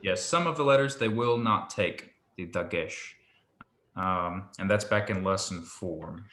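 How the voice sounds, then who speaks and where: A man's voice: sits low, a bit bright. Patient man teaching in an echoey room. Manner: patient, explains slowly and repeats pronunciations. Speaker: Hebrew teacher. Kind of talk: one-on-one language lesson.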